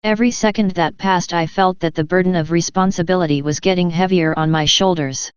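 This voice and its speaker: A woman narrating a first-person story in an even, measured reading style. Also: on the low side, smooth, no room sound. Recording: dull lo-fi sound.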